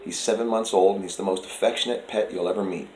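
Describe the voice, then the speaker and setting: A man narrating a casual vlog and softly coaxing a timid pet. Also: deep voice, fairly even intonation, fast talker, reverberant, slight background noise, poor audio. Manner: soft coaxing talk to a pet. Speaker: vlogger.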